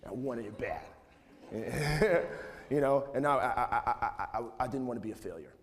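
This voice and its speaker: With lively intonation, a medium pitch, and a moderate pace, a thirtysomething man loosely rambles through a casual pep talk to students, leaning heavily on "like" and "you know." It's recorded in a school auditorium where the hall echoes and faint noise lingers.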